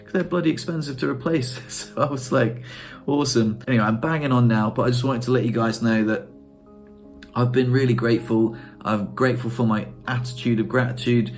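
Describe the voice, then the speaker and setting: A man's voice: medium pitch, fairly even intonation, fairly quick, faint music behind. A man vlogging to camera in a casual, rambling way, emotional and swearing freely.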